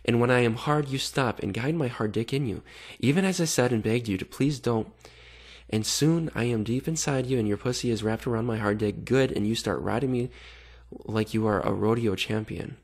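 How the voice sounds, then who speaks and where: A man's voice: medium pitch, brisk, slightly rough. A man hosting a channel that exposes online predators. He reads chat messages aloud in casual commentary, and his tone is sarcastic and exasperated.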